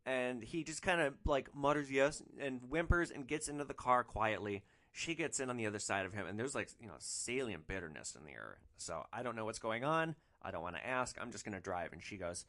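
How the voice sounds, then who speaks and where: A man hosting a podcast, telling a rideshare anecdote in a casual, animated way with casual swearing. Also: medium pitch, fairly quick, few pauses. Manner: animated, swearing, frequent "like" fillers. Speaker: rideshare driver podcast host.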